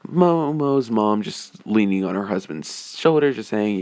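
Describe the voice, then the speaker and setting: A man's voice: on the low side, lively intonation, a little slow, hardly any pauses, darkish tone, clear, resonant tone. A man narrating a fan story off the cuff, rambling with many hesitant restarts. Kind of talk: improvised fan story reading.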